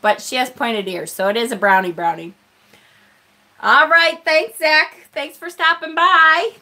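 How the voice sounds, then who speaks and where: A woman with a slightly high, bright voice chats with her viewers on a live stream, taking her time over each thought. She pokes fun at herself and breaks into laughter often. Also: a little slow. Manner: chatty, self-deprecating, laughs often. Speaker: live-stream host unboxing a tarot deck.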